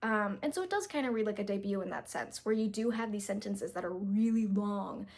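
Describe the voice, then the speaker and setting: A young woman reviews a book to camera in a mid-range, darkish voice at a fairly quick pace. She's chatty and self-deprecating, full of fillers and restarts, and stumbles over words when reading passages aloud.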